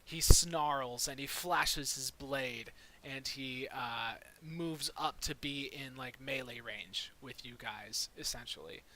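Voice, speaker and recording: A man's voice: medium pitch, slow, hardly any pauses, bright, forceful tone, slight background noise. A young man running a tabletop game as dungeon master, narrating in a laid-back way with many fillers.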